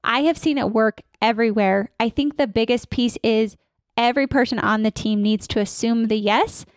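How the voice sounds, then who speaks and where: A woman's voice: fairly high pitch, normal speed, dry recording, studio quality. A woman consultant in her thirties, a podcast guest talking energetically and acting out staff and patient lines. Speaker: dental practice consultant.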